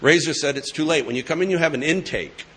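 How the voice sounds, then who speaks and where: A man's voice: fairly high pitch, fast, fairly bright tone, a little hiss or hum. Man telling his story at a meeting. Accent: New England. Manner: conversational, joking asides. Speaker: AA speaker sharing his story. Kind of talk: storytelling talk to an audience. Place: meeting hall with live audience.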